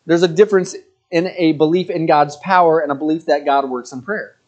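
A man's voice: on the high side, steady tone, a little fast, muffled recording. A man in his forties preaching in a church, conversational and joking, with frequent restarts and asides to the congregation. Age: 40s. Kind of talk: sermon.

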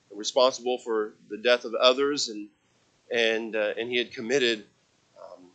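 A man's voice: medium pitch, bright, forceful tone. A man preaching an expository sermon, explaining scripture earnestly and rising to emphatic peaks when he quotes verses. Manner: earnest, repeats words when restarting, rises to emphatic peaks when quoting scripture.

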